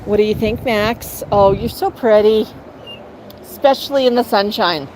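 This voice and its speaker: A woman's voice: medium pitch, normal speed, a little mellow, poor audio. Chatty woman livestreaming on a patio. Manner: chatty, coaxing baby talk to her birds. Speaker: parrot owner hosting a livestream. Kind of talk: casual livestream chat with her parrots. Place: outdoor patio in the shade. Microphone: cell phone. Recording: outdoor phone audio with faint traffic.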